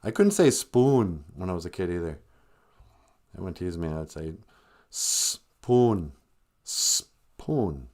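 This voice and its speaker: A man's voice: sits low, normal speed. Joking man hosting a live podcast. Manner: joking, laughs often, animated. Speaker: podcast host. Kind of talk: casual livestream chat.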